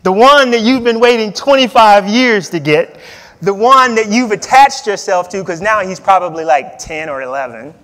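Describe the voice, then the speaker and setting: A man, a preacher, voicing an indignant aged father who pleads in exasperation with God, loud and a little higher than his own voice. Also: expressive, moderate pace, in a large hall, low-quality recording.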